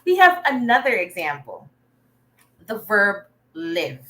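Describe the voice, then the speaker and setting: A woman's voice: mid-range voice, wildly swooping pitch, slow pace, pushed and bright, rough recording. A Filipino woman teaching an online reading lesson, encouraging and often checking in with her learners. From Philippines.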